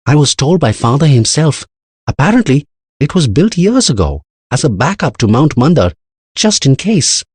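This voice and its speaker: Male reader plays a resolute young princess, pitched way up, husky, lively. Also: moderate pace, no echo. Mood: firm.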